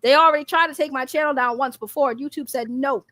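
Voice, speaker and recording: A woman's voice: high voice, fast talker, fairly bright tone, no echo, studio quality. A woman streamer calling out her critics in a blunt, profane, mocking rant, laughing between jabs. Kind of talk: casual rant.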